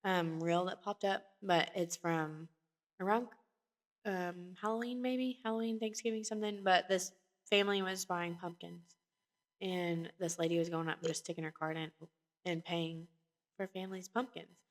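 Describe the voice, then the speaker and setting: A woman's voice: on the low side, steady tone, moderate pace. A woman co-hosting a podcast, chatting casually and retelling stories with lots of fillers and restarts. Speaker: podcast co-host. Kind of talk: casual chat.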